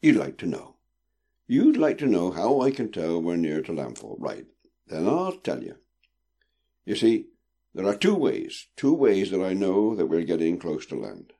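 A man's voice: deep voice, very animated, a little slow, creaky, mellow, husky, full character voice. A man voicing a jovial, portly old ship captain with a teasing, old-fashioned way of speaking. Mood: indulgent.

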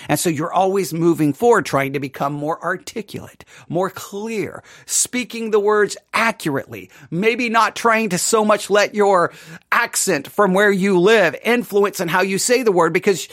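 A man's voice: high voice, moderate pace, a bit bright, no room sound, clean studio sound. A man teaching a casual Bible study podcast, talking conversationally and checking in with listeners by asking "right?" throughout.

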